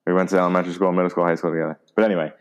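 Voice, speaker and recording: A man's voice: low-pitched, racing. A young man, chatting casually and laughing through fillers. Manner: relaxed, laughing, trailing fillers. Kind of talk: casual chat.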